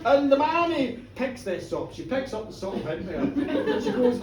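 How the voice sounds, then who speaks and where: A storyteller telling a comic horror tale live to a pub audience, animated and teasing the listeners. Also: sits high, moderate pace, hardly any pauses, a crowd in the background. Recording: echoey pub room, distant mic.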